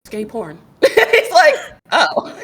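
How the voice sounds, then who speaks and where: A woman in her thirties, a podcast guest and streamer, chatting casually and telling stories, acting out the other people's lines as she goes. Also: very high voice. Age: 30s. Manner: animated storyteller who acts out quoted dialogue. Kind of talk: casual chat.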